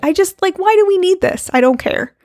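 A woman co-hosting a casual podcast chat, animated and opinionated. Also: very high-pitched, fairly quick, dry recording, studio quality. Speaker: podcast co-host.

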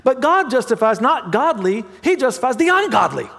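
A man preaching a sermon as pastor, mixing humorous family stories with hushed prayer. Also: very high-pitched, very animated, moderate pace, vocal fry, breathy edge. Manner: dramatic swings from loud to hushed prayer; humorous storytelling with laughs. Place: church sanctuary. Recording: long hall reverb.

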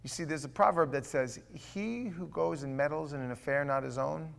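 A middle-aged male pastor preaching with an animated delivery, swinging his voice up and down. He jumps into the voices of people from his stories, and his tone sits a little high for a man. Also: normal speed, creaky. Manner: animated, acts out quoted voices. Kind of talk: sermon.

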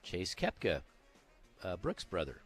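A man's voice: deep voice, wildly swooping pitch, measured pace, a bit bright, husky, soft background music. A man co-hosting a casual talk show, running through golf scores in an easygoing way with fillers. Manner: runs down leaderboard, conversational with fillers. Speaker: co-host.

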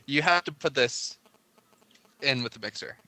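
Chatty podcast host man, bright voice. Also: mid-range voice, animated, moderate pace. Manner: chatty, rambling, laughs often. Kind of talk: casual chat.

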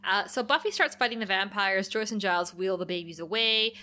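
Bright laughing woman recapping episodes. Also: medium pitch, fairly quick. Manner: animated, laughs often, acts out quotes. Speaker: podcast co-host. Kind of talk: casual recap chat.

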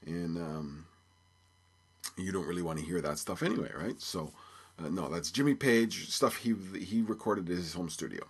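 This Belfast podcast host, around fifty, has a low, husky voice and talks at a normal pace. Chatting alone on his show, he wanders from point to point, cracks jokes and leans heavily on filler words.

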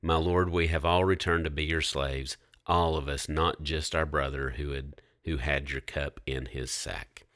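A man reading as a pleading Judah, very deep. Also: steady tone, unhurried, few pauses, fairly bright tone, no room sound, clean studio sound. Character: biblical man pleading before a powerful ruler.

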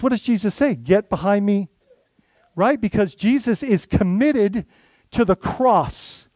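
Lead pastor, male, high voice, dry close sound; conversational sermon with rhetorical questions. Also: warm tone, no room sound. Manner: conversational preaching with rhetorical questions and many restarts.

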